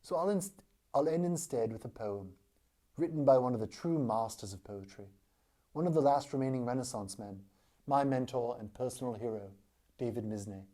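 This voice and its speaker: A man with a mellow, warm voice delivers a comedic spiritual talk. He speaks in a mock-solemn, earnest tone, leaning into drawn-out pauses as if sharing deep wisdom. His pitch sits at an ordinary middle range.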